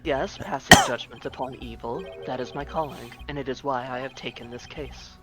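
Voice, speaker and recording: A man's voice: medium pitch, steady tone, moderate pace, a bit bright, faint music behind, natural voice. A man voicing a solemn young male prosecutor monk in a grave, formal manner during a let's play.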